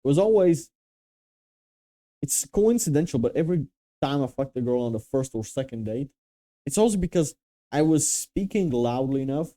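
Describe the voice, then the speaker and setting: A man's voice: medium pitch, lively intonation, normal speed, pauses often, warm tone. A young man from Romania giving casual, blunt, profane advice with emphatic restarts. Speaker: dating and confidence coach.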